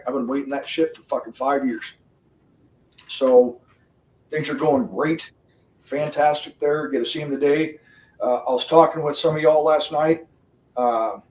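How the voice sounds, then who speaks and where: A man's voice: mid-range voice, a little mellow, a little hiss or hum. A man hosting a livestream, chatting casually with viewers, swearing constantly, laughing often and rambling. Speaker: livestream host. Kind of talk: profane casual chat with viewers. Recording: roomy sound, distant from the mic.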